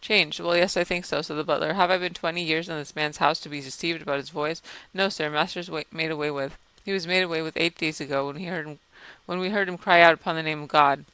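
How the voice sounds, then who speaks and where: Man reading as frightened old butler, deferential, urgent, bright tense voice, dry close sound. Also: fairly high pitch, steady tone, fast talker, few pauses, smooth, dry recording. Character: anxious loyal older male butler.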